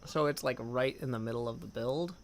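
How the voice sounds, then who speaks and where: A man's voice: medium pitch, a little fast, creaky, slight background noise. A man chatting casually on a gaming livestream at his desk mic, rambling, reading chat aloud and humming to himself. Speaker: streamer.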